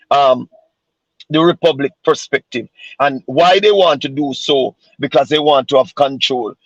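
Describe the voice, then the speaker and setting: A Jamaican man who works as a street pastor talks earnestly on a live call, circling back over the same words as he finds his way. His voice is gravelly and husky. The sound is dry and dull, like a lo-fi recording. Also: mid-range voice, no echo. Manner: repeats words while searching for them, earnest.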